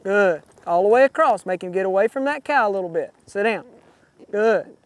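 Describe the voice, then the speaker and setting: A man's voice: high-pitched, animated, moderate pace. A man coaching a rider through cutting-horse runs in an outdoor arena, calling out short, repeated commands.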